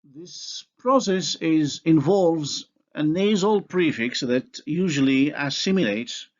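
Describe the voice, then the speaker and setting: A man giving a recorded linguistics lecture, who carefully sounds out each example word. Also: a little high. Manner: slow, deliberate, carefully sounds out example words. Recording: dull lo-fi recording.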